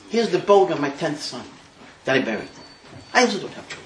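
A man teaches a Talmud class, telling the story with lively swings in pitch. His voice sits high. The recording is echoey and has a faint hiss. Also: fast. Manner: animated storytelling with Hebrew terms. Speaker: Torah teacher. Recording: echoey room.

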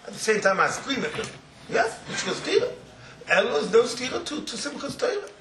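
A man who teaches religious students, giving an informal Torah talk as an animated storyteller who laughs through his words and drops in Yiddish phrases. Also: extremely high pitch, a little fast, slight background noise. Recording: roomy echo, faint ambience.

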